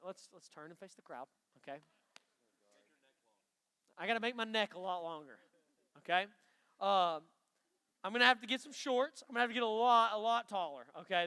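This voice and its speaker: A man preaching a lively youth sermon from a stage, emphatic and joking with the students. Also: high voice, smooth. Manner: energetic, emphatic, bantering with the audience. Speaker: youth pastor. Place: stage in a large hall before a student crowd. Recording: long hall reverb.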